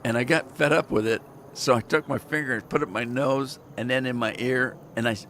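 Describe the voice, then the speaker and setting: A man's voice: medium pitch, fairly even intonation, fairly quick, few pauses, fairly bright tone, slight background noise. A man hosting a game livestream, chatting casually and wandering off into rambling stories while he plays. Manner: rambling storyteller with restarts and chuckles. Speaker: gaming livestream host. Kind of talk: casual chat while playing.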